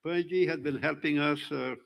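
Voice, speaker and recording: A man's voice: fairly high pitch, fairly even intonation, moderate pace, vocal fry, fairly bright tone, poor audio. An older man from Trinidad, giving a rambling, joking speech to an audience at a live religious event on a handheld mic. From Trinidad and Tobago. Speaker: community speaker at the event.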